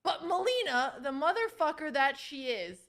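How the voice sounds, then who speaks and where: A woman's voice: high-pitched, normal speed, creaky. A young woman in her twenties telling a story in casual chat, swearing freely and acting out what people said. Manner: animated, swearing, acts out quotes. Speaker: streamer.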